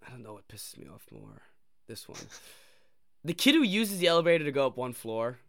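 A man's voice: medium pitch, a little fast. A young man co-hosting a podcast, telling stories in casual chat and acting out what people said. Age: young adult. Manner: animated storytelling, acts out quoted exchanges. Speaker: podcast co-host.

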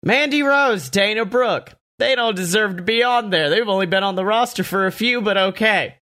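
A man hosting a casual podcast, talking excitedly and profanely with lots of laughter and mock quotes. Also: sits high, moderate pace. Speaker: podcast host. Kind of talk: casual wrestling podcast chat.

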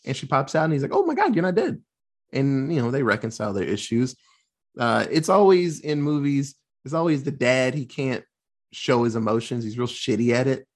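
A man casually recapping a film plot, swearing freely and acting out the characters' lines in quick put-on voices. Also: mid-range voice. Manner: loose, profane, acts out quotes in quick voices. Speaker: podcast host recapping a film. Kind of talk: casual chat.

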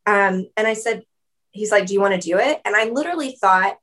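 A woman in an interview, telling a personal story in a chatty way, full of "like" and quick laughs. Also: medium pitch, lively intonation, a bit bright. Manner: chatty, fillers of "like", laughs often. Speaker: guest.

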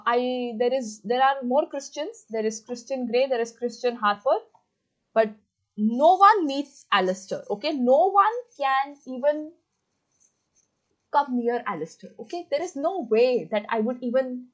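A woman with a somewhat high voice chats casually about books as a podcast host. She gushes excitedly and pads her talk with fillers. The recording sounds dull and lo-fi. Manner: gushing and excitable, with many fillers. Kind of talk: casual book chat.

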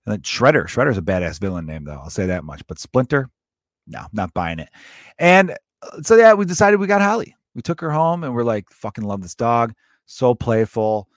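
A man's voice: mid-range voice, sing-song, a little fast, no room sound, clean studio sound. A man in his thirties hosting a comedy podcast, telling a loose, profane, jokey story.

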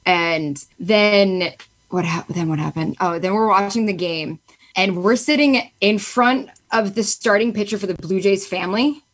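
A young woman podcast host telling stories in a loud, animated, profane way during a casual interview. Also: mid-range voice, measured pace, slightly rough. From Italian-American, Sicilian family.

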